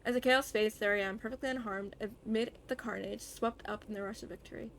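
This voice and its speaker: Young woman streamer, gravelly voice, fairly high, dramatic game reading, faint background noise. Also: fairly even intonation, fast talker, a bit bright. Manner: dramatic first-person reading with casual asides. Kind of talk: reading a game script aloud as a live stream.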